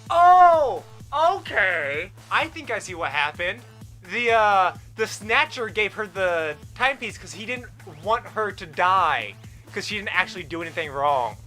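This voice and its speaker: A man with a high, very bright, sharp-edged voice, talking through a game in excited commentary. He reads the game's lines aloud, then breaks off into animated, gushing theories. Soft game music plays underneath. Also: moderate pace. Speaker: let's play gamer.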